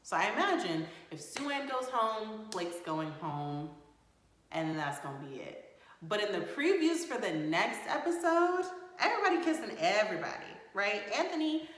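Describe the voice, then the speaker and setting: Animated woman recapping a reality show. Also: mid-range voice, moderate pace. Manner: animated, exasperated commentary with laughs. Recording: very echoey room.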